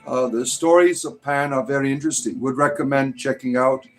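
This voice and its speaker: A man's voice: mid-range voice, steady tone, fairly quick, soft background music. A man hosting a casual livestream, rambling through answers with lots of fillers and playful sarcasm toward the chat. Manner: rambling, full of fillers and "right?". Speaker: livestream host.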